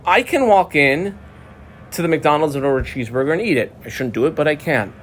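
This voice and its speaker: A man teaching a Talmud class in a lively, conversational way, moving between English and Aramaic terms. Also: on the high side, fast talker, a little hiss or hum.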